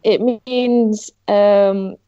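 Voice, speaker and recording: A woman from the UK tells a story in a relaxed podcast chat. She fills her sentences with "um" and "like". Her voice sits at an average pitch, and the audio sounds a little dull and lo-fi. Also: drawn-out words. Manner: chatty storyteller, many fillers like "um" and "like". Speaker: podcast co-host. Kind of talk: casual chat.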